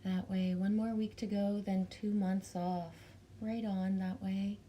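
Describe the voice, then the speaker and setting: A chatty Canadian woman hosting a relaxed livestream, bubbly and loose, greeting her viewers one by one. Her pitch sits in an ordinary middle range, and faint background noise hums beneath her voice. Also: unhurried. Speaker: livestream host reading chat. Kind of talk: casual live chat.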